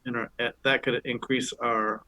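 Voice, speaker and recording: A man co-hosting a podcast, speaking in a measured way as he pulls a casual group discussion back to its theme. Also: mid-range voice, flat delivery, pushed and bright, no room sound, low-quality recording. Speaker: podcast co-host.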